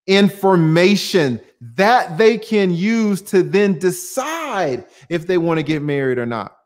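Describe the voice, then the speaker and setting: A man hosting a livestream, talking emphatically to viewers, firing off rhetorical questions and casual swearing while he answers their comments. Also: a little high.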